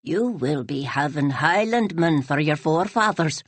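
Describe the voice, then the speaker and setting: A woman voicing a proud, formal old widow who speaks in slow, measured sentences in an audiobook. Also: low voice, animated, husky, no room sound, full character voice. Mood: dignified.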